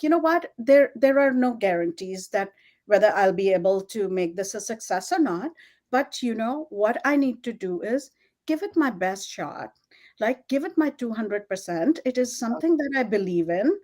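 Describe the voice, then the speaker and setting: A middle-aged woman from India with an Indian English accent, telling her story in an interview, animated and laughing often, with many fillers. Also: mid-range voice. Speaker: guest, fashion designer.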